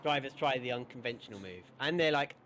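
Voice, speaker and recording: Male commentator, playful and jokey, animated pitch, middle register, faint engine noise behind. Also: fast. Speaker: race commentator. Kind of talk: casual live commentary banter.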